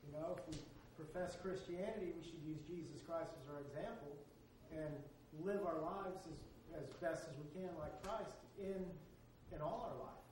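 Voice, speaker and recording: A man in a church group discussion, speaking earnestly and haltingly as he searches for his words. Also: fairly high pitch, darkish tone, slight background noise. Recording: roomy sound from a distant mic.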